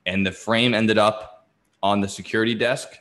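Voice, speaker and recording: Low-voiced man telling a crime story. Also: steady tone, moderate pace, a bit bright. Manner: profane, storytelling, laughs often. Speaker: podcast co-host. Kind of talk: casual true-crime chat.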